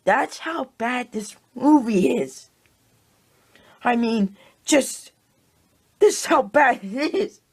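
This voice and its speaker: A woman's voice: on the high side, animated, slow, long pauses, slightly rough. A woman ranting in a casual movie review, exasperated and repeating herself. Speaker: video reviewer.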